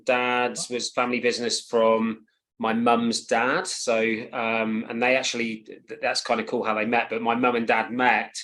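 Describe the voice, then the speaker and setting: A man in his forties with an English accent, chatting as an interview guest and pausing often on ums and tag questions. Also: medium pitch. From England. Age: 40s. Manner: relaxed, hesitant, with frequent ums and tag questions. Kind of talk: casual interview chat.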